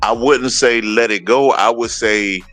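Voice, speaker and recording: A man talking in a casual livestream conversation as a guest breeder, animated and telling stories, acting out what other people say. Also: mid-range voice, unhurried, no room sound, faint music behind, poor audio.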